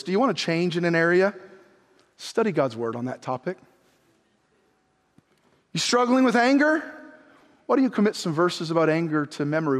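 Pastor guy preaching, pretty high voice, goes from loud fired up to real quiet, big echoey church sound. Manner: impassioned preaching, rising to near shouts then dropping low. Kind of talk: sermon. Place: church sanctuary. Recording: long reverb of a church hall.

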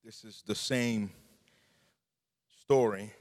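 A man's voice: lowish voice, fairly even intonation, takes it slowly, darkish tone. A man preaching a sermon in a church, with a fervent, repetitive preaching cadence. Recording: long hall reverb.

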